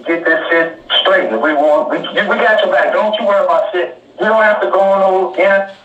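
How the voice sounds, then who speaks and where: A man's voice: high voice, fairly quick. A man on a played phone recording, talking firmly and profanely to reassure someone. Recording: dull, echoey phone recording from far off.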